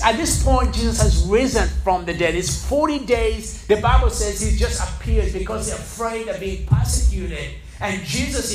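A male pastor preaching a lively sermon, firing rhetorical questions and calling on the congregation to respond. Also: high voice. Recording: echoey hall, mic far off, music behind.

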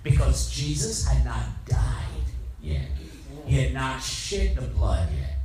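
A male pastor preaching a lively sermon, firing rhetorical questions and calling on the congregation to respond. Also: medium pitch, takes it slowly, crowd noise. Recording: echoey hall, mic far off, music behind.

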